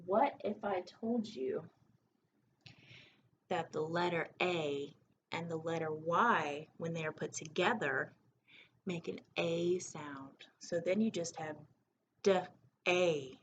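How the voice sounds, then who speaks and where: A woman teaching preschoolers a recorded phonics lesson, stretching out letter sounds in a slow, sing-song way. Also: lowish voice, highs cut off, a little hiss or hum.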